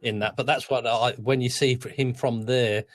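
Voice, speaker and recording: A man's voice: medium pitch, fairly even intonation, normal speed, no echo. An Australian man co-hosting a casual podcast chat, talkative and given to repeating words as he starts. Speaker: podcast co-host.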